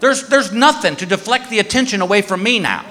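A man's voice: sits high, expressive, a little fast. A man in his fifties doing a self-mocking stand-up routine, acting out the dialogue in his stories. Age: 50s. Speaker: stand-up comedian. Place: live comedy venue on stage. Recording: live hall reverb, audience noise.

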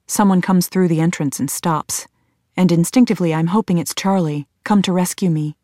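A woman reading a first-person audiobook in a measured, tense storytelling manner. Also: fairly low pitch, warm tone, no room sound, clean studio sound. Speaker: audiobook narrator.

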